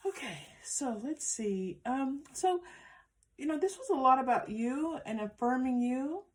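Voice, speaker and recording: A woman giving a pick-a-card tarot reading, speaking gently and affirmingly to her viewers, with frequent restarts. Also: sits high, animated, measured pace. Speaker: tarot reader.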